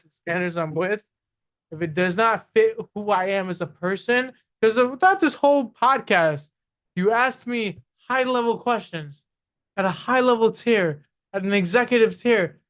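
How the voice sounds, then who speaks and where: A man's voice: high-pitched, a bit bright, smooth. A man guest on a podcast, an HR tech executive, talking confidently and emphatically, repeating his points while he has the hiccups. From Guyanese roots. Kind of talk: casual interview talk.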